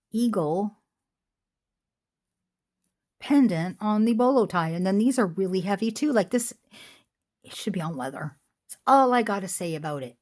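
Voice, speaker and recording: In a mellow, medium-pitched voice, a middle-aged woman casually chats and rambles into asides while displaying jewelry she sells online, seated in a home room with a squeaky chair.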